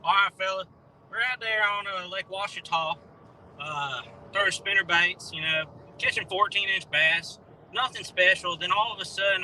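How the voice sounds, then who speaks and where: A man doing an impression of a folksy Southern bass fisherman, telling a fishing tale in a put-on country accent from a moving car. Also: pushed and bright, slight background noise, rough recording. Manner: drawling storyteller, low and easygoing.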